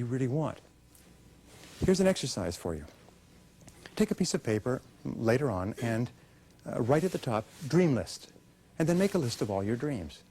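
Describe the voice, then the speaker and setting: A motivational speaker with a husky, medium-pitched voice gives an animated, energetic seminar talk to a live audience, now and then acting out quoted voices.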